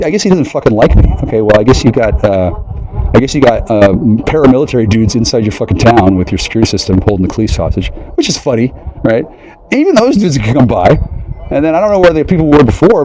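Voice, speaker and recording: A man talking straight to his listeners in a profane, agitated, rambling rant that jumps from one idea to the next and mocks other people in high voices. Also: very animated, quick pace, warm tone, slight background noise, poor audio. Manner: profane, agitated, conspiratorial, jumps between ideas; mocking quoted voices in a high pitch.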